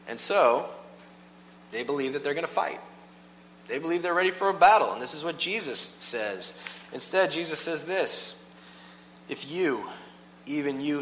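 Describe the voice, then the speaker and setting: A man's voice: medium pitch, sharp tone. Conversational man preaching in a reverberant church. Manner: conversational, asks the congregation questions. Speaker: pastor. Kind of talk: sermon. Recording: long reverb, faint hum.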